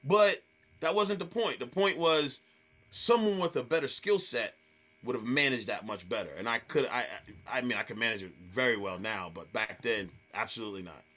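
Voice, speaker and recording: A man, a comedian, telling stage stories in casual chat, swearing freely and acting out hecklers in loud voices. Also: mid-range voice, moderate pace. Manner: animated storyteller, acts out hecklers in loud voices. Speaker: stand-up comedian guest.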